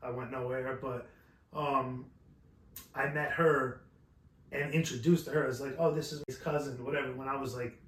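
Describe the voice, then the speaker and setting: A man's voice: medium pitch, moderate pace. A man from New York, co-hosting a podcast, telling stories in a rambling, profane, casual way. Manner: rambling, profane, animated storytelling. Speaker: podcast co-host. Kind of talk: casual chat. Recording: roomy echo.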